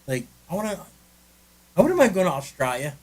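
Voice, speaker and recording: A man's voice: high voice, big pitch swings, brisk, rough recording. Rambling, joking man on a podcast. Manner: rambling, joking, frequent restarts. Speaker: podcast co-host. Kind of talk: casual chat. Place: friend's living room in California.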